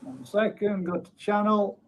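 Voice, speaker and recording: A man's voice: high voice, expressive, unhurried, noisy background. A man hosting a live stream, chatting in a matey way and reading out viewer comments with frequent chuckles. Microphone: streaming setup at a computer.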